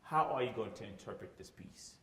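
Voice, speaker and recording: A choir director with a fairly low, sharp-toned voice talks briskly and with animation, teaching rehearsal step by step. He sings phrases to show what he means and checks in with "okay?" again and again, all in an echoey room with long reverb.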